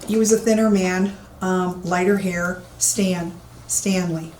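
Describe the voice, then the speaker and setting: A woman's voice: fairly low pitch, steady tone, slow pace, a little mellow. A woman psychic medium giving walk-through commentary, speaking emphatically and repeating herself, inside an empty old building. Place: empty old police station indoors. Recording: echoey room, faint background hiss.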